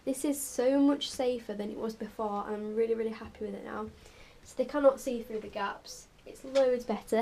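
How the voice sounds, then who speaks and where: Chatty young woman, mellow voice. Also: on the high side, moderate pace, hardly any pauses, slight background noise. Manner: chatty, coos at her pets. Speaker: vlogger. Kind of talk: casual pet vlog.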